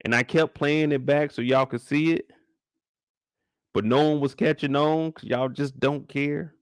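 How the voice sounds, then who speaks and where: A young man hosting a casual livestream recap, animated and profane, often leaping into high exclamations. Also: unhurried, smooth, no echo, studio quality. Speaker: show host.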